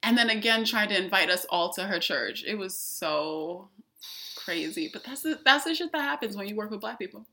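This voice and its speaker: Animated, bright-voiced woman podcast host. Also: mid-range voice, normal speed. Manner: animated, laughing, acts out quotes. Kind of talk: casual storytelling chat.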